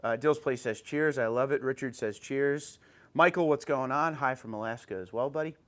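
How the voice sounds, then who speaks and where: During a relaxed home livestream, a New Jersey host talks into an old tablet at normal speed with an easy, even pitch. It's a casual chat where he greets each viewer by name and reads back their comments in a friendly, informal tone.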